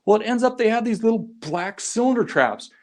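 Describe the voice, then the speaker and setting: A man's voice: high voice, expressive, brisk. A middle-aged man, a guest on a podcast, telling casual stories with many restarts and little acted quotes. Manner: rambling anecdotal storyteller, frequent restarts and acted quotes. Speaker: guest, founder of a crayfishing group. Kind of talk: casual storytelling interview.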